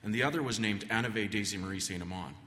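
A man voicing his mischievous five-year-old daughter, with a lifted, bright tone. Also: fairly low pitch, fast, long reverb tail. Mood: childlike.

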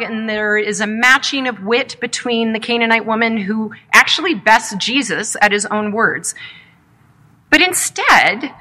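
A woman preaching a sermon in a reflective, measured storytelling manner, asking rhetorical questions. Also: on the high side, sharp tone.

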